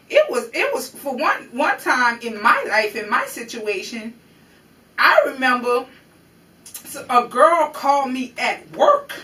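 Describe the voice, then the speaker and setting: This vlogger's mid-range voice sounds pushed and bright as she delivers a profane, confrontational, emotional commentary on a news story rooted in her own life. The distant, off-mic recording has roomy echo and a little hiss or hum.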